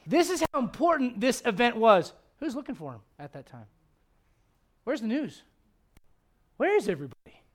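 A man with a notably high voice preaches a sermon, pressing his points with emphatic rhetorical questions. He speaks as a pastor addressing his congregation. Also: a bit bright. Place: church service before a congregation.

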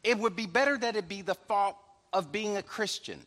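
Male pastor, sermon, very high voice, conversational with chuckles, church hall, long reverb. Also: normal speed, a bit bright. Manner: conversational preaching, frequent "right?" asides, chuckles.

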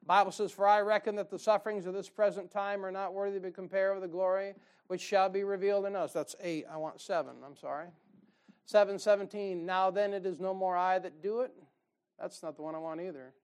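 A man preaching a sermon in a folksy, joking way, with sudden loud bursts of fire. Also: high-pitched, fairly even intonation, a little fast, clear, resonant tone.

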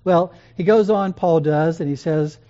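Mellow-voiced earnest preacher, lo-fi. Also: medium pitch. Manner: earnest, gentle and measured, with pauses and restarts. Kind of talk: sermon. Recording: dull lo-fi recording.

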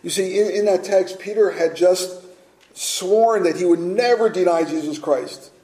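A man's voice: sits high, a little slow, warm tone, roomy sound, rough recording. A man preaching a sermon as pastor, earnest and direct, asking his listeners rhetorical questions.

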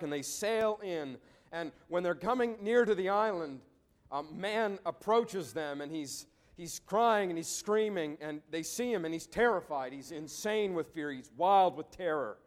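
A man's voice: high voice, moderate pace. A male pastor giving an earnest sermon to a congregation, often repeating words as he thinks aloud. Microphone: preaching to a congregation.

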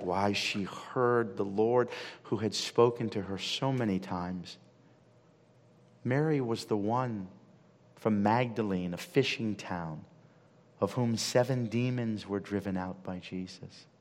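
A male pastor preaching a sermon dramatically, dropping to hushed tones and then building to loud, emphatic peaks. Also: fairly low pitch, expressive, unhurried. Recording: reverberant hall.

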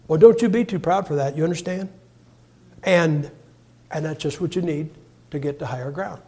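A man, preaching a folksy, humorous sermon with sudden loud bursts. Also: fairly high pitch, moderate pace, pauses often.

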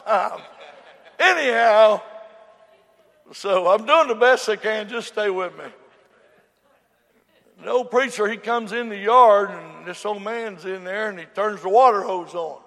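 Old preacher man, raspy and high, hollers then goes quiet, big echoey hall. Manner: shouting and dropping to a murmur, storytelling. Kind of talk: folksy sermon. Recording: long hall reverb.

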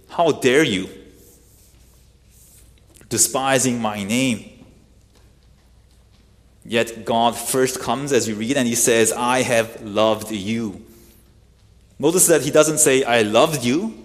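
A man delivers an expository sermon in an earnest, teaching voice of middle pitch. He often poses rhetorical questions to his listeners. His voice carries a long, lingering hall reverb. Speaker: pastor.

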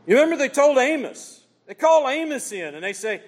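Man, pastor, emphatic sermon, high and very animated voice, echoing church hall. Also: fairly quick, few pauses. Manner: emphatic preaching, quoting scripture dramatically.

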